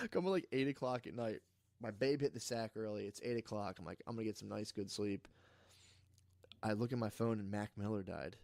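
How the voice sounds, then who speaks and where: A man's voice: on the low side, normal speed, vocal fry, darkish tone, no echo. A man telling long rambling stories in casual chat, cursing often and acting out what people said. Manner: rambling storyteller, swears a lot, acts out quotes. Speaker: podcast host.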